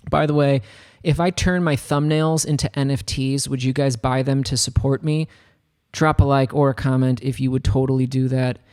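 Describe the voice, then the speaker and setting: A chatty American man streaming a laid-back production session. He rambles happily from one thought to the next at an ordinary pitch. The talk is relaxed and unscripted. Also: moderate pace, smooth. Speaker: music producer streaming a tutorial. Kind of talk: casual livestream chat. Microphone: studio microphone.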